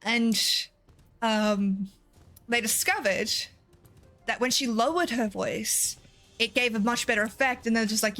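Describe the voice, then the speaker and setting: A woman's voice: fairly high pitch, slow, pauses often, fairly bright tone, faint music behind. A woman streaming a game, chatting casually, swearing freely and laughing often. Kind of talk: casual gameplay chat.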